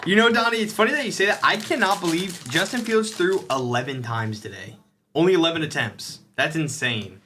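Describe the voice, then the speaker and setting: A man's voice: on the high side, brisk, sharp tone, a little hiss or hum. A man co-hosting a live card break, tossing in casual sports comments. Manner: chatty side comments. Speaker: co-host.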